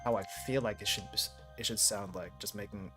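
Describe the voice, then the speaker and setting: A man's voice: fairly low pitch, fairly even intonation, brisk, over music. A man hosting a podcast in casual chat, hesitant, often stammering and restarting his sentences. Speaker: podcast host.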